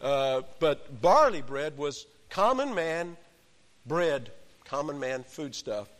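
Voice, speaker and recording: Guy preaching a sermon, pretty high voice, chatty and jokey, big echoey hall. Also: takes it slowly. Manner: animated, conversational, with joking asides. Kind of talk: expository sermon.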